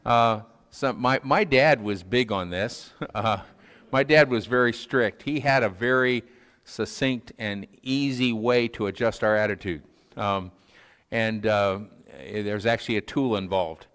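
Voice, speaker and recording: A man's voice: lowish voice, unhurried, a bit bright, clear, resonant tone, in a large hall. A man preaching a casual, folksy sermon in a church, peppered with fillers and little chuckles. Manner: folksy, self-deprecating, frequent fillers and chuckles. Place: church sanctuary.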